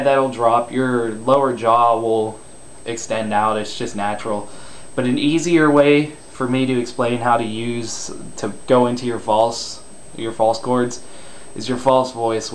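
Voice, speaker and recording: A man's voice: medium pitch, steady tone, unhurried, slight background noise. A man giving a casual spoken tutorial on screaming, loose and rambling, self-deprecating and crude.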